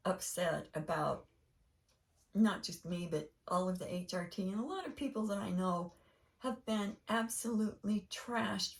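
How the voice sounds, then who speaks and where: Gravelly older woman, rambling storyteller. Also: on the low side. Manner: rambling, animated storytelling with laughing asides. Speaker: podcast host. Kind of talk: casual chat. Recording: voice a bit far from mic.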